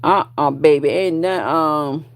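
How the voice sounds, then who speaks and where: Gravelly, profane woman in her forties ranting. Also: sits low, unhurried. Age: 40s. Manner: profane, confrontational, loud bursts of laughter. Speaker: vlogger. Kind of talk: ranting commentary to viewers.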